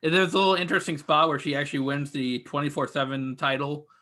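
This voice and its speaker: A man running through a recap one item at a time, filling the gaps with uhs. His voice is slightly high, with a bright, forward edge. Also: fast talker. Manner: steady, list-like, with filler uhs. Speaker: podcast co-host. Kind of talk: recapping a match list.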